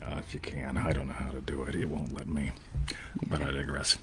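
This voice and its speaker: A man's voice: rumbling low, flat delivery, fairly quick, fairly bright tone, slight background noise. A man co-hosting a live online show, talking in a jokey, digressive way and often asking "right?". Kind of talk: casual, rambling live-stream chat.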